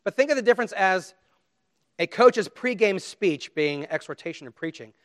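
A middle-aged pastor, his voice a little high for a man, preaches earnestly and pleadingly at a moderate, expressive pace. He moves from loud, pressing emphasis to quiet appeals.

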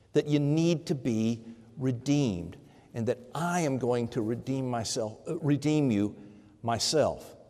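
A man delivering a sermon in a loose, conversational manner, stumbling over and repeating words as he explains a text. His voice sits at an ordinary middle pitch. The room gives a long, ringing reverb around him. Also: dark tone. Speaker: pastor.

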